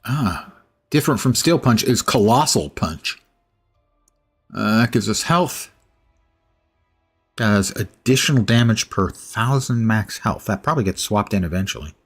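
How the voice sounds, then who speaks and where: Husky man musing over his gameplay. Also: on the low side, lively intonation, a little slow, pauses often, faint music behind. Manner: musing, self-correcting, drily humorous. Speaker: game streamer. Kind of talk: casual gameplay commentary.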